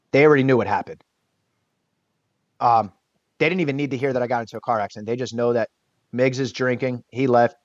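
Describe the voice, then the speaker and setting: Man, podcast guest, lively storyteller, dull lo-fi recording, dry sound. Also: medium pitch, a little fast, pauses often, no room sound. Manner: lively storyteller acting out what others said. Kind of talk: casual storytelling in an interview.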